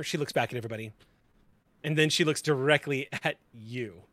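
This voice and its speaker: A man, as game master, narrating a tabletop roleplaying game in a descriptive, unhurried way. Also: medium pitch, pushed and bright, no room sound.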